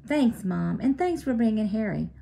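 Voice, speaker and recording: A woman's voice: fairly high pitch, expressive, normal speed, creaky, mellow. A woman voicing a young boy ballplayer who protests with youthful doubt.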